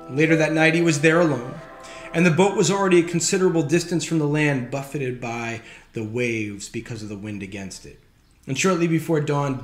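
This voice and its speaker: A man preaching a sermon as pastor, talking casually and wryly, reading scripture with emphasis. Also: mid-range voice. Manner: conversational, wry, reads scripture with emphasis. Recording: roomy echoey sound.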